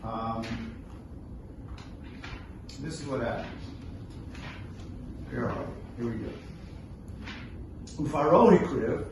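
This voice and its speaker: Male rabbi, high and very expressive, teaching with rhetorical questions, distant mic in a boomy room. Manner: animated, asks rhetorical questions, reads verses and translates them. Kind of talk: Torah lesson. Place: event room at a brunch. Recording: very echoey room from far off, faint noise.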